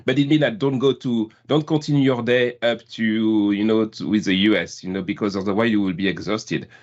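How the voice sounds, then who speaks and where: A man's voice: on the low side, steady tone, fairly quick, a little mellow. Man, French accent, forties, chatty, self-mocking, lots of restarts, muffled lo-fi call sound. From France. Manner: chatty, self-deprecating, laughs often, many restarts. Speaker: guest product manager. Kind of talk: casual video-call chat. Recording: dull lo-fi call audio.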